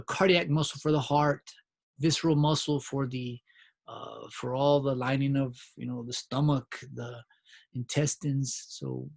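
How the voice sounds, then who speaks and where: His voice is a little high, creaky, and a bit mellow as he leads a recorded biology review. The biology instructor keeps a conversational tone, frequently checking in with "right?" and backing up to rephrase.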